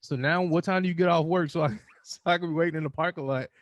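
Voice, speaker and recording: A man hosting a casual podcast chat, telling stories with animated, acted-out rants. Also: fairly high pitch, quick pace, highs cut off. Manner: animated storytelling, acts out quoted rants. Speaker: podcast host.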